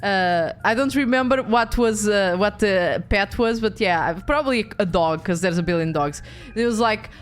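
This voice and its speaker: A young woman with a Portuguese accent, chatting casually on a game stream, animated, swearing freely and often restarting her sentences. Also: mid-range voice, moderate pace, soft background music.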